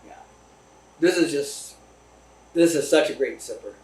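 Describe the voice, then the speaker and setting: Easygoing man with a higher voice, roomy. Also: a little slow, darkish tone, slight background noise. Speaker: guest, distiller. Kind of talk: casual chat. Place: distillery room. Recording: roomy, distant mic.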